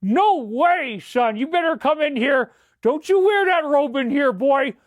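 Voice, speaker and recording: A man voicing a furious middle-aged father who rants and yells at his son. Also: very high voice, lively intonation, measured pace, no room sound. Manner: ranting, yelling, mock-religious outrage.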